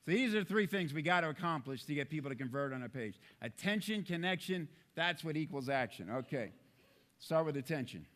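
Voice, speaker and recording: A middle-aged man giving a comedic keynote talk to an audience, jokey and animated, with many fillers. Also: a little high, fairly quick. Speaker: speaker.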